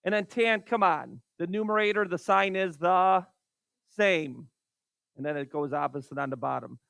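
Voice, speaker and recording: A man's voice: high voice, moderate pace, gravelly, a bit bright, smooth, no echo. A man teaching a math class, calling on students by name and exasperated by wrong answers. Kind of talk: classroom lecture.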